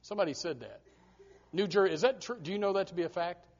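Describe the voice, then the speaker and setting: This high-pitched American preacher talks fast as he gives a forceful sermon in church, frequently repeating words when he restarts. The congregation is his audience, and the recording sounds dull and low-fidelity.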